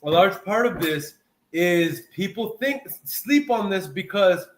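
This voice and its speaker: A man hosting a live video call, coaching in a casual, animated way and repeating phrases for emphasis. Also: sits high, slow, reverberant, slight background noise. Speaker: host and sales coach.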